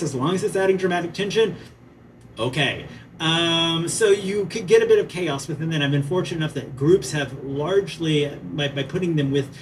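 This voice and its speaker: A man gives a conference talk in a museum theater, talking in an animated, conversational way and tossing in "right?" to check in with the crowd. His voice sits a touch high, picked up from a distance with faint room ambience behind it. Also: a little hiss or hum. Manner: animated, asks "right?" often, chatty asides. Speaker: conference presenter and playwriting teacher.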